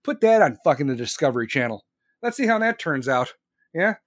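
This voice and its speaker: Crude, sarcastic high-voiced young man. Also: sing-song, fairly quick, no echo, clean studio sound. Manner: crude, sarcastic, swears constantly, laughs at own jokes. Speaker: livestream host reading chat. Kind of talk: profane rant reacting to chat.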